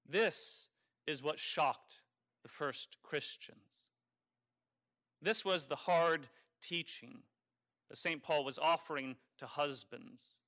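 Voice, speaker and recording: Male priest, homily delivery, wry and conversational, bright and slightly high voice. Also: slow pace. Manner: conversational and wry, teasing the congregation. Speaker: Catholic priest. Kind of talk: sermon.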